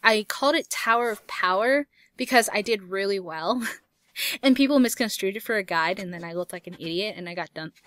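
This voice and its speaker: This YouTube gaming host, a young woman, talks briskly in a medium-pitched, fairly bright voice with no echo. Reading out viewer questions for a casual gaming Q&A, she chats through her answers, laughs a lot and drops the odd mild swear word.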